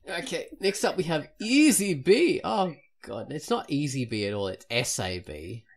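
A woman's voice: deep voice, lively intonation, moderate pace, slightly rough. A woman co-hosting a casual podcast, rambling with self-mocking asides. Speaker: podcast co-host.

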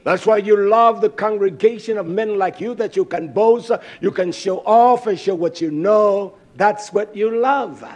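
A man preaching a fiery, scolding sermon that swings from loud outbursts to quiet asides. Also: sits high, unhurried, few pauses.

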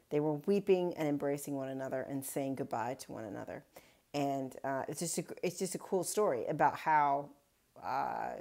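A woman's voice: sits low, dark tone. A woman pastor giving a casual daily Bible reflection, retelling the story in a chatty way with wry asides.

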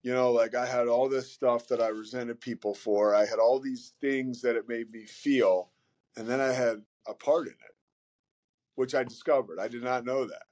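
A man talking casually as a podcast guest, animated and rambling, often repeating words as he starts a thought. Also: mid-range voice, normal speed. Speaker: podcast guest, sports broadcaster. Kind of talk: casual conversation.

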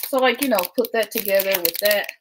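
Woman, casual livestream host, chatty and laughing, ordinary middle pitch. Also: fast talker, noisy background. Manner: chatty, keeps addressing viewers as y'all; laughs often, talks while packing. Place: at home indoors.

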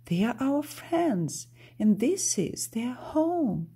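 A woman's voice: on the high side, sing-song, slow, dark tone, husky, voice pushed up, exaggerated voice. A woman reading aloud, voicing an upset, protective young female fairy from a storybook who exclaims indignantly.

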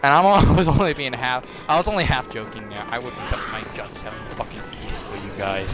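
Talking fast in a medium-pitched voice, a young gaming video host jokes and swears casually for his viewers as he plays a video game. Loud game music sits behind his voice.

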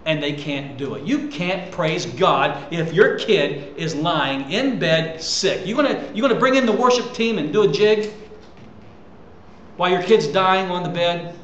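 A man preaching a sermon in an animated way, rising loud and dropping soft and often repeating words. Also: high voice, measured pace, lo-fi sound. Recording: echoey room with faint ambient noise.

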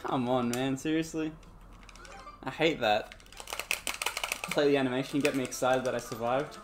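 A man's voice: medium pitch, fairly even intonation, normal speed. A man streaming a game live, chatting with viewers in a laid-back way, laughing often and humming along. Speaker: gaming streamer. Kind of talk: live gameplay commentary. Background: game music.

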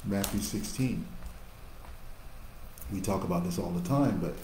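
A man preaching a Bible-teaching sermon, animated, swinging between loud exhortation and quiet asides. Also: deep voice, measured pace, echoey room, a little hiss or hum, rough recording. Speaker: pastor.

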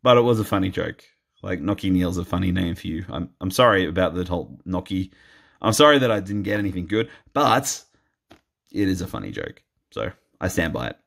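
A man's voice: low-pitched, lively intonation, fairly quick, gravelly, fairly bright tone. A man commenting casually on a trading card box opening, playful and self-mocking, laughing often.

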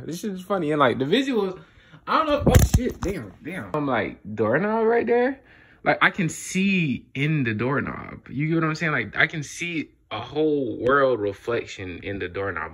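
Medium in pitch and a bit bright, this young man's voice comes through a handheld phone camera in a room at home. Vlogging casually to camera, he talks in loose slang and repeatedly asks "you get what I'm saying."

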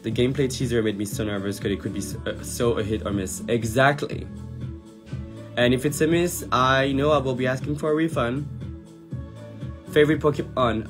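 A man in his thirties from France with a French accent, chatting casually on a livestream and answering viewers' comments. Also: medium pitch. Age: 30s. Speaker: drag performer on a livestream. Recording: music playing behind the voice. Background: music.

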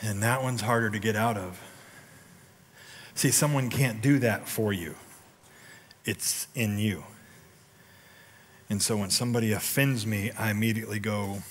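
A man preaching a sermon as pastor, telling stories with animated swings between loud punchy lines and quiet low ones, and prodding the congregation for responses. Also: in a large hall. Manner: talks directly to the congregation, prodding them for responses. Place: church sanctuary.

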